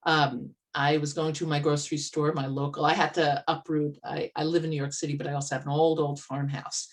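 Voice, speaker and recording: A woman's voice: deep voice, level tone, a little fast. A woman motivational speaker and life coach, telling an earnest, conversational story at an online meetup over a video call from a farmhouse. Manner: earnest, conversational, with vivid retellings. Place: old farmhouse, indoors.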